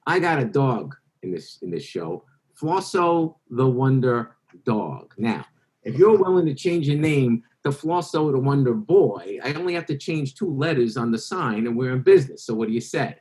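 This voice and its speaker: A man's voice: mid-range voice, animated, normal speed, darkish tone, pitched above the performer's own voice, lightly acted. A man doing a brash old carnival showman. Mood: wheedling.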